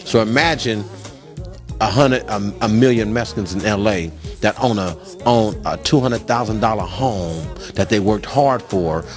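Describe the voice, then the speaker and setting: A man's voice: lowish voice, normal speed, soft background music. A man in a street interview, ranting in an agitated, profane, repetitive way. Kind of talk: impassioned street rant.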